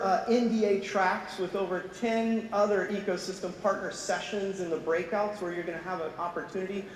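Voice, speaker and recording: A man's voice: high voice, a little mellow. A man presenting at an industry event, upbeat and thankful as he introduces the next speaker. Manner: upbeat, thankful, with filler "uh" restarts. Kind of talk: conference opening remarks. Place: large conference hall on stage. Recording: echoey hall, distant mic, faint noise.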